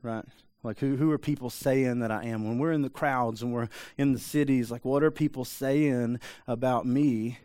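A man's voice: mid-range voice, fairly even intonation, moderate pace, darkish tone, no echo. A man preaching a sermon in a conversational way, often adding asides and checking in with the listeners. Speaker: pastor.

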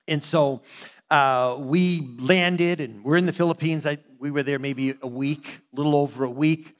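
A man in his fifties from the United States, a pastor preaching a sermon and telling a personal story with earnest, animated asides. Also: on the high side, moderate pace.

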